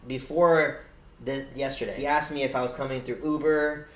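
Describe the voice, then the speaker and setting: A young man streamer telling a story in casual chat, animated and swearing a lot. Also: medium pitch, moderate pace. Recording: roomy echo, faint noise.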